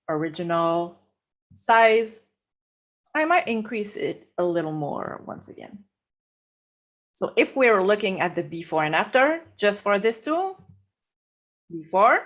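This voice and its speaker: A woman with a French accent walking viewers through a photo edit step by step, laughing easily. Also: medium pitch. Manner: slow, explanatory, laughs easily. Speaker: guest photographer. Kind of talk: live photo-editing demo.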